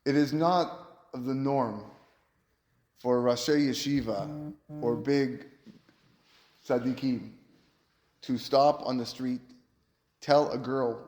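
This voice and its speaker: A man's voice: mid-range voice, darkish tone. A male rabbi preaching and telling stories in an earnest, rhetorical way, with a mid-range voice. The sound rings in a roomy, echoing space. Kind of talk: sermon-style Torah lesson with storytelling. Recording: roomy echo.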